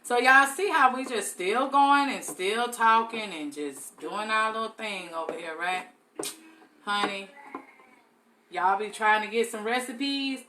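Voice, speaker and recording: A woman's voice: fairly high pitch, a little slow, pushed and bright, a little hiss or hum. A young adult woman leading a live soap-making tutorial, chatting casually and calling her viewers y'all.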